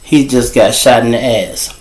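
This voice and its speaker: Man, storytelling host, profane and animated, echoey room, mid pitch. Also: a little slow. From Chicago. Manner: animated, profane, jumps to high voices for quoted people. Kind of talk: casual street storytelling.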